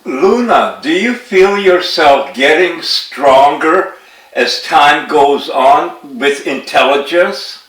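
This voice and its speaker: Slow, halting man far from the mic. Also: a little high, animated, fairly bright tone. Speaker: channel host talking to an AI. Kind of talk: casual chat. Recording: echoey room, far from the mic.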